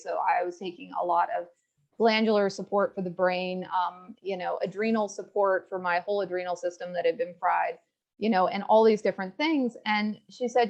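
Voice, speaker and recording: A woman's voice: fairly low pitch, normal speed. A young woman from rural Virginia, a guest telling her health story in a candid, earnest interview. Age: young adult. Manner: earnest, frank, quotes others in lively asides. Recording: slightly dull lo-fi audio.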